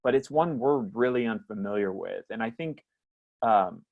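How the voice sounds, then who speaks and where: A man's voice: lowish voice, lively intonation, moderate pace, gravelly, narrow, tinny audio. Man teaching a Bible class. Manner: reflective, reads scripture aloud then explains. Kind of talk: Bible study lesson over video call. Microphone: video call.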